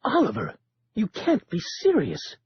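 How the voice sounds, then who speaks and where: Man voicing a nervous fussy male librarian, high-strung protests, muffled lo-fi audio. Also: big pitch swings, moderate pace, husky, heavily acted. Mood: alarmed protest. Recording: dull lo-fi with faint hiss.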